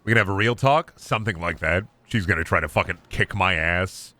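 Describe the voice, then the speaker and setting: A man streaming a video game, commenting loudly and goofily, swearing and breaking into yells. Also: sits low, brisk. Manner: loud, goofy, swearing, bursts into yelling. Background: game music.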